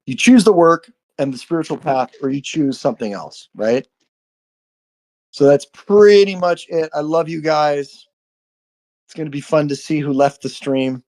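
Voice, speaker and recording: A man's voice: fairly high pitch, unhurried, a little mellow. A man hosting a live stream, giving an earnest spiritual monologue full of swearing and frequent "right?" checks. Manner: earnest, profane, repeats "right?".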